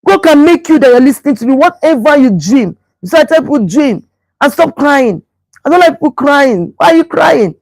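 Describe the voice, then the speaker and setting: A woman's voice: high voice, lively intonation, normal speed, a little mellow, no room sound, poor audio. A middle-aged woman pastor, preaching about relationships emphatically and repeating phrases to drive them home. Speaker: pastor and show host.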